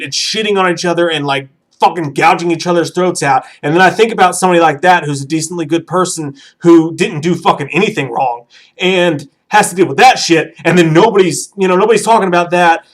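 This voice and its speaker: A man co-hosting a movie livestream with a higher-than-usual voice. He rambles with passion and curses freely, then says sorry for it. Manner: impassioned, rambling, swears often, apologetic. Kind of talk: profane livestream chat.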